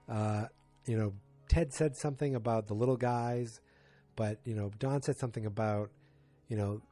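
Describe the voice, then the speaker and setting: Man, 40s, podcast host, rambling, fillers and restarts, exasperated asides, mid-range pitch. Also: mellow. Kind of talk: casual solo episode recap.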